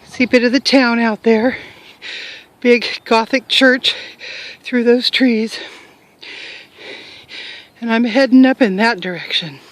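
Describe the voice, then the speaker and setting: A chatty older woman with a high voice vlogs from outside on a handheld camera. She talks casually and pokes fun at herself as she goes. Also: slow, long pauses, dry recording, low-quality recording. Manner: chatty, self-mocking, joking. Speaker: travel vlogger. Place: outdoors in a hillside cemetery.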